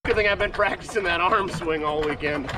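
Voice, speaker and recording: A man's voice: high-pitched, brisk, over music. A man bantering dryly with a friend outdoors while they tow an old car. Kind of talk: casual banter. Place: outdoors in a yard. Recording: distant camera mic, noisy.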